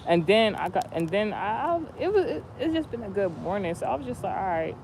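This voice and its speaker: A man telling a rambling, animated story in a casual spiritual vlog, with many restarts, recorded outdoors near a street with passing cars. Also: sits high, fairly quick, gravelly, slight background noise, low-quality recording. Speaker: vlogger.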